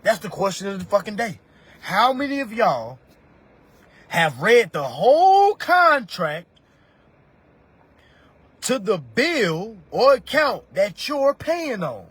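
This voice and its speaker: A man in his thirties rants on a livestream recorded on a phone, giving money advice in a preachy, profane way and calling his viewers family. His high voice swings widely in pitch, with a fairly bright tone and a breathy edge. He speaks slowly, pauses often, and the recording is dry.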